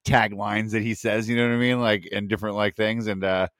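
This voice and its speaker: A man's voice: lowish voice, little pitch movement, fairly quick, a bit bright, no echo, clean studio sound. A man co-hosting a podcast in casual chat, laid-back and agreeable. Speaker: podcast co-host.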